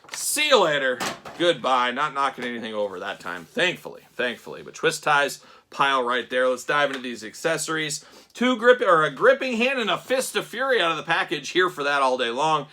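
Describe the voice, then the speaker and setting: A man's voice: medium pitch, sing-song, brisk, sharp tone. A man giving a casual, rambling toy unboxing review with jokey asides.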